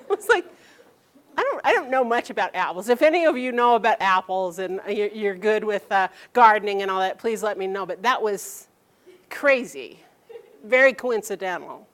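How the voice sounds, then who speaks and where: A middle-aged woman telling a personal story to an audience, animated and laughing as she quotes her mother. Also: mid-range voice, normal speed.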